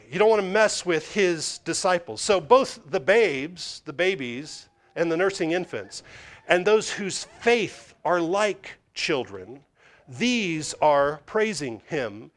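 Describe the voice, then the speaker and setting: A man preaching a sermon as a pastor, asking and answering his own questions and acting out the people he quotes. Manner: animated, acts out the quoted voices with big pitch swings.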